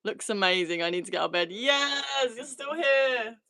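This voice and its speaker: A woman in her thirties hosts a casual livestream chat from a small converted shed, reading viewer comments aloud and laughing often. Her fairly high voice is bright and forceful, with lively intonation at a normal speed and no room sound.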